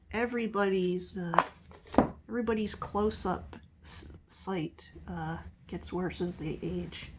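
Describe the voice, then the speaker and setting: A woman's voice: mid-range voice, a bit bright. A middle-aged woman from the Philadelphia area, with a mixed Philadelphia and Southern US accent, chatting in a rambling way in her vlog and laughing at herself. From Philadelphia area, USA. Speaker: vlogger. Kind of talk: casual chat.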